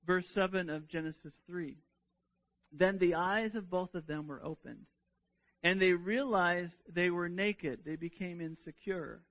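A man's voice: high-pitched, measured pace, highs cut off. A man preaching a sermon in an earnest way, often repeating words as he restarts a sentence.

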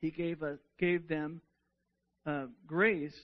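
High-voiced man preaching slowly. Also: steady tone, highs cut off. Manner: earnest, repeats words when restarting. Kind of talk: sermon.

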